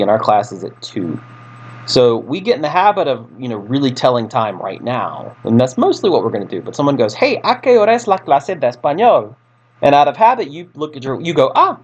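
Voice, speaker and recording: A man teaching a recorded Spanish lesson, talking casually through his slides with fillers and restarts. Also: mid-range voice. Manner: casual, chatty, with fillers and self-corrections.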